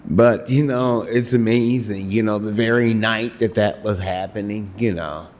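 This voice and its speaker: A man giving a reflective, hesitant public comment at a city meeting, pausing often on fillers. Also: on the low side, steady tone, a little mellow. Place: city commission chambers.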